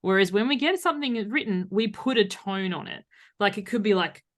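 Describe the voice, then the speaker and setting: A woman's voice: mid-range voice, animated, a little fast. A woman co-hosting a podcast in casual chat, talking animatedly and acting out little quoted voices. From Australia. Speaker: podcast co-host.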